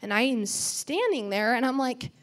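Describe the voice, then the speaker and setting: A woman's voice: fairly high pitch, expressive, moderate pace. A teenage girl giving a church testimony in a chatty way, full of "um" and "like," acting out quoted dialogue. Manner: chatty, lots of "um" and "like", acts out quotes. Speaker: youth testimony speaker.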